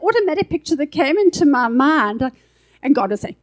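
A woman with a high voice delivers a sermon. She keeps it conversational, full of asides and everyday filler words. She speaks into a handheld microphone in a church. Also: expressive, fairly quick, low-quality recording. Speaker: preacher.

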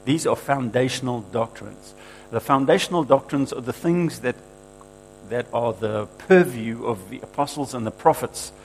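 Male preacher, mid-pitched, emphatic sermon delivery, light mains hum behind. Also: animated, normal speed, creaky, darkish tone, low-quality recording. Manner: emphatic, quoting scripture with rising force.

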